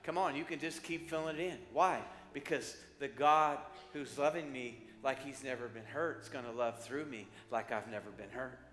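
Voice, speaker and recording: A male pastor preaching a sermon, moving from loud urging to soft, prayerful appeals. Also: medium pitch, moderate pace, few pauses. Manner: shifts from loud exhorting to soft prayerful calls. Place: church sanctuary. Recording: echoey church hall with music behind.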